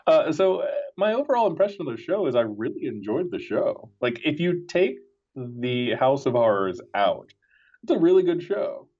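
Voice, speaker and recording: A man's voice: on the high side, big pitch swings, normal speed, darkish tone. A man who is a wrestling writer, a guest in a casual podcast conversation, wry and sarcastic and repeating phrases for emphasis. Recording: dull lo-fi audio.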